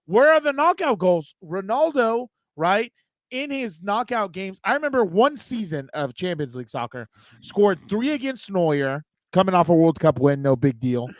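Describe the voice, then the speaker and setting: High-voiced ranting man. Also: very animated, normal speed, no room sound. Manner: opinionated, ranting. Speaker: sports show co-host. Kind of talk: casual sports chat.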